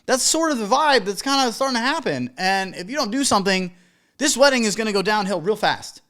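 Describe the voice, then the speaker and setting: A man who works as a wedding DJ, telling a story as advice to other DJs in an animated, emphatic way with casual swearing. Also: high voice, fairly quick.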